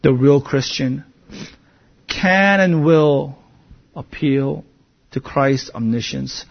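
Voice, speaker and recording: A man's voice: medium pitch, slow, creaky, pauses often, highs cut off. A man preaching an expository sermon as a pastor, earnest and conversational, dropping frequent asides as he explains the text. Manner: earnest, conversational, many "you know" asides.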